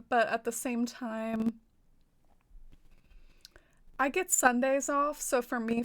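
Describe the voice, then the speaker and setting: A woman from the American South with a light, easy twang, chatting with her viewers while she plays a game. Her voice sits a little high, and her talk is loose and giggly, full of "like" and small laughs. It sounds close to a desk microphone. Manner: chatty, giggly, filler-heavy with frequent "like". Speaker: game streamer. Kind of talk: casual stream chat, reading viewer comments.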